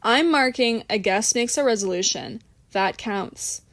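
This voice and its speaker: A woman's voice: fairly high pitch, lively intonation, measured pace, fairly bright tone, no room sound. A woman reading a mischievous, blunt young woman with a dry, teasing manner.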